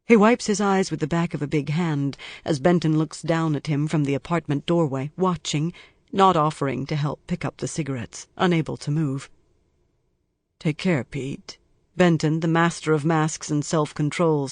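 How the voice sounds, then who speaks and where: A man reading a crime novel aloud in even, measured scripted narration. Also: a little high, no echo. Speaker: audiobook narrator.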